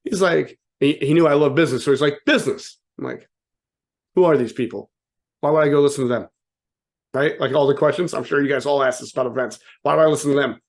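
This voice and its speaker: A man's voice: mid-range voice, fairly even intonation, quick pace. A man giving a casual, joking motivational talk to an audience, often asking "right?" and acting out quotes with sudden voice changes. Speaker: motivational speaker.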